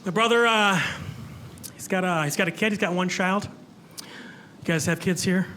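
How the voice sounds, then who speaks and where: A man's voice: sits high, moderate pace, noisy background. A man doing a stand-up comedy set, chatting with the crowd and joking about himself. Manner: self-deprecating, chatty with the crowd. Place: comedy club stage with a live audience. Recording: live room with audible crowd ambience.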